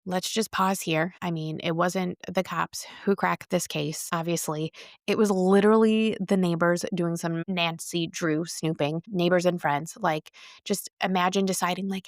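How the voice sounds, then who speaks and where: A woman's voice: on the low side, fairly even intonation, unhurried, gravelly, dry recording, studio quality. A woman hosting a podcast, telling a true-crime story in a chatty, casual way full of asides and fillers. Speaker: podcast host.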